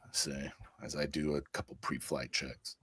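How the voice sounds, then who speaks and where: Male player in character with a very deep, husky, low-key voice. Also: little pitch movement, moderate pace, a bit bright. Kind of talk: in-character tabletop role-play.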